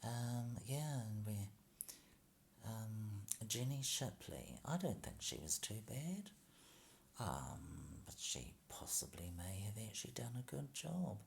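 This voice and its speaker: Slow gravelly man rambling sarcastically. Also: fairly low pitch, sing-song, a little hiss or hum. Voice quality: halting, full of ums and mock slips.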